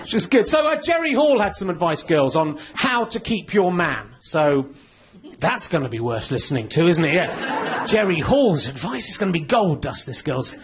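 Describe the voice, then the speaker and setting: A man's voice: a little high, big pitch swings, moderate pace. A man doing stand-up comedy, ranting with indignant mock outrage. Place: comedy stage before a live audience. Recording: live show with crowd laughter and noise. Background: audience laughter.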